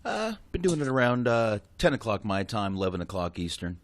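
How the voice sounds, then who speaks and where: A man's voice: on the low side, big pitch swings, fairly quick. A man co-hosting a casual podcast, laid-back and given to crude jokes. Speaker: podcast co-host. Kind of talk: casual wrestling podcast chat.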